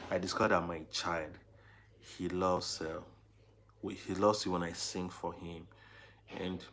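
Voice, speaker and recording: A man, a new father chatting casually to his viewers and cooing softly to his baby at home. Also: deep voice, slight background noise. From Nigeria. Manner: soft and coaxing, cooing to a baby between chat. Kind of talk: casual live vlog.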